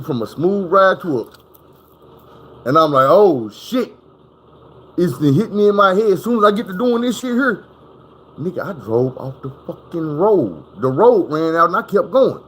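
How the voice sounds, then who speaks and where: Guy telling a crash story at home, swears a lot, kinda high voice, does the bangs and booms himself, bit of room hiss. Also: fairly bright tone. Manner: profane, vivid, acts out sounds. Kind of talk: casual storytelling. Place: at home indoors.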